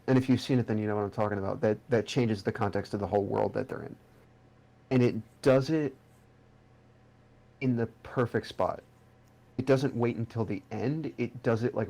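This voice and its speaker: A man's voice: mid-range voice, normal speed, long pauses, a little mellow. A young man co-hosting a podcast in casual chat, rambling and swearing freely as he restarts his sentences. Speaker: podcast co-host.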